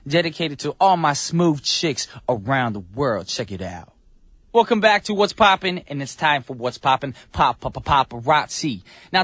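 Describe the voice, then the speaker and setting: A man's voice: fairly high pitch, fairly bright tone, no echo. A man with a New Jersey accent hosting a radio show in a studio, talking in a playful, slangy way. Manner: playful, slangy, laughs easily. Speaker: radio DJ host. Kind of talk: casual radio chat. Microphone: studio mic.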